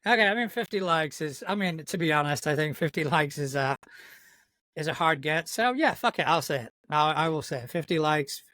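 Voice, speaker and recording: A podcast co-host from Yorkshire, a man, putting on an American accent in a slightly high voice. He swears freely and mocks himself through casual banter, and the sound is dry and close. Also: expressive, a little fast, pushed and bright, no echo. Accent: put-on American accent. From Yorkshire, England. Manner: sweary, self-mocking banter.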